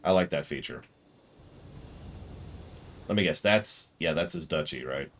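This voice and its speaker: A man casually commentating a strategy game as he plays, joking and reacting out loud. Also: rumbling low, animated, a little slow, a little hiss or hum. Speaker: streamer.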